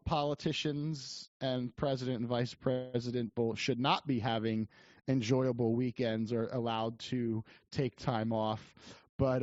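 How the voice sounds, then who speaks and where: A man's voice: medium pitch, a little mellow, no room sound. A man co-hosting a podcast, chatting casually about politics with many restarts and fillers. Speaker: podcast co-host. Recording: dry, dull lo-fi sound.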